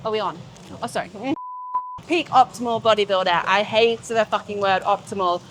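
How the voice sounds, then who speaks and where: A woman's voice: mid-range voice, steady tone, normal speed. A young woman with an English accent talking casually to camera in a gym, rambling and swearing freely. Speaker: fitness vlogger. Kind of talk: casual vlog chat to camera.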